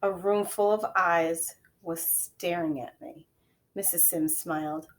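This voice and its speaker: A woman's voice: on the low side, fairly even intonation, takes it slowly. Woman reading a children's chapter book aloud. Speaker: reader.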